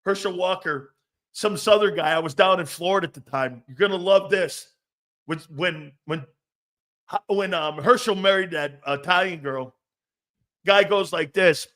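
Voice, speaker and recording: A man's voice: sits high, a little slow, a bit bright. A middle-aged man hosting a casual sports talk show, brash and profane, laughing often as he riffs and reads viewer comments.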